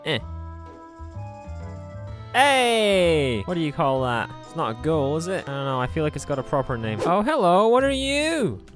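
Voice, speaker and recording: Excitable man narrating gameplay. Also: on the high side, moderate pace, soft background music. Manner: excitable, exclaiming, swearing, talking to objects. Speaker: gaming YouTuber. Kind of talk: let's play commentary.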